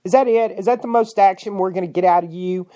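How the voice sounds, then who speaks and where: Woman podcast host, angry profane rant, loud bursts dropping to mutters. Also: mid-range voice, fast talker. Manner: fiery, indignant, swings between shouting and muttering; profane, rhetorical questions.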